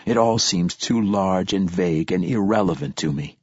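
A man giving steady, reflective first-person audiobook narration. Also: deep voice, normal speed, husky, no room sound. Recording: dull, dry lo-fi recording.

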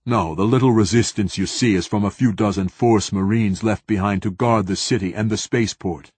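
A man's voice: on the low side, fairly quick, darkish tone, slightly rough, no echo. A man voicing a brash male pilot who talks in a confident, offhand way.

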